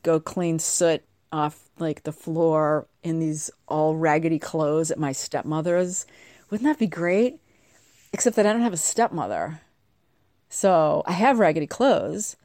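A woman's voice: lowish voice, a little mellow, no echo, studio quality. A middle-aged woman hosting a podcast, chatting casually and telling a story with acted-out quotes. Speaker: podcast host. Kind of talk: casual monologue.

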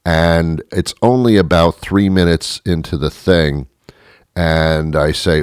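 A man's voice: deep voice, takes it slowly, smooth, no echo, clean studio sound. A man telling a rambling, exaggerated comic story about himself, acting out the lines of the people in it. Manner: rambling, exaggerated, animated retelling with acted quotes.

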